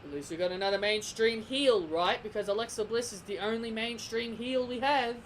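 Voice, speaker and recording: Young aussie guy ranting about wrestling, pretty high voice, keeps tripping over his words, faint hiss behind. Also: normal speed, fairly bright tone, low-quality recording. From Australia. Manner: heated, repetitive, stumbling restarts. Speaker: wrestling vlogger. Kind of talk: opinionated commentary rant.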